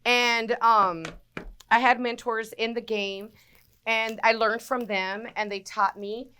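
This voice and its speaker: Speaking slowly at a fairly high pitch over slight background noise, a woman in her forties chats as a guest in a casual interview. A radio personality, she's an animated storyteller who acts out what the people in her stories said.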